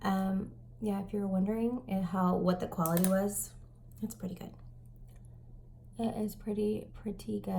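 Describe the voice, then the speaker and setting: A woman in her thirties chatting through a casual makeup tutorial, stuffy and breathing heavily, with self-mocking soft asides. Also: mid-range voice, steady tone, moderate pace, gravelly, long pauses, a little hiss or hum. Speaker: makeup vlogger.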